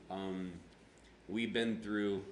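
A man's voice: fairly low pitch, steady tone, extremely slow. A man preaching a conversational sermon, telling stories with self-deprecating humor and acting out his own past words. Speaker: pastor. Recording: roomy echo with faint background hum.

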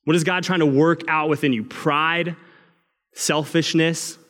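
A young man preaching a sermon as a pastor, telling a family story and sometimes shouting quoted cries. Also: on the high side, fairly even intonation, unhurried. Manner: storytelling, rising to loud acted cries. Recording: long reverb of a large hall.

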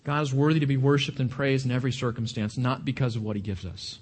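A man preaching a sermon to a congregation, animated, often repeating and restarting his words. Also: medium pitch, fast talker, husky. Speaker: pastor.

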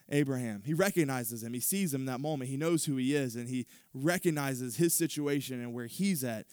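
A male pastor preaching a sermon, retelling scripture with animated storytelling and frequent restarts. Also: mid-range voice, normal speed, few pauses, no echo, studio quality.

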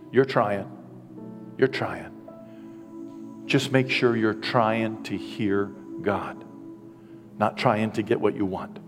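A man's voice: fairly low pitch, in a large hall. A man in his sixties preaching as a pastor in a church, earnest and emotional, with self-deprecating asides. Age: 60s. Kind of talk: sermon. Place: church sanctuary.

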